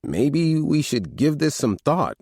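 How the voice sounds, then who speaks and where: A steady eldest brother speaks slowly and deliberately, voiced by a male narrator. His pitch moves a lot. The sound is close and dry. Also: husky, no room sound, full character voice. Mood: measured. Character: steady eldest brother, family leader, man.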